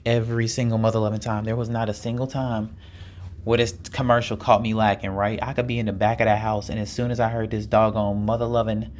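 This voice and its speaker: A man chats alone on his podcast, relaxed and playful. He keeps turning to the listeners with teasing questions and jokey asides, mixing in laughs and sighs. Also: on the low side, slight background noise. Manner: playful, chatty, talks straight to listeners. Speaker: podcast host. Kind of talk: casual solo podcast chat.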